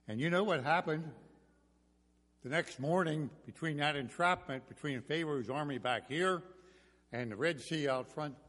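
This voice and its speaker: Animated preacher in an echoing hall. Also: male voice, medium pitch. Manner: storytelling, swinging from loud bursts to hushed. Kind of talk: sermon.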